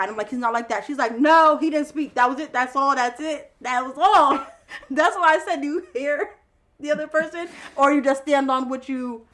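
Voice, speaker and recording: A woman co-hosting a podcast in casual chat, telling stories in an animated, chatty way. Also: sits high. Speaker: podcast co-host.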